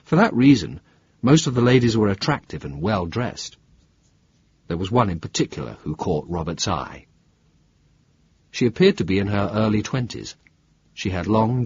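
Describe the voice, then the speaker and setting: Male thriller narrator, low husky voice, animated delivery, muffled dry lo-fi audio. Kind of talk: scripted narration. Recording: dull lo-fi dry recording.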